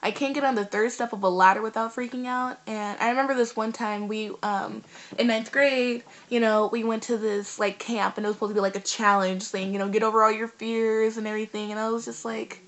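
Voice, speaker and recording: A teenage girl tells a story in a loose, chatty vlog. She rambles along, full of fillers and asides, and her voice sits a little high. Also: fairly quick. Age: teens. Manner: animated, rambling, lots of fillers. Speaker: vlogger.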